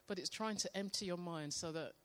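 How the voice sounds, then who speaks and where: Woman sharing devotional testimony, slow and meditative in delivery. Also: lowish voice. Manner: slow, calm, soft-spoken, meditative. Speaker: church member sharing testimony. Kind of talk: devotional testimony with guided prayer.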